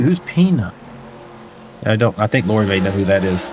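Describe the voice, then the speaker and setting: This man speaks fairly low, expressively, and a little fast as he gives live commentary on a simulated stock car race. Racing engines rumble behind him while he chats casually, cracks jokes, and reads out messages from viewers.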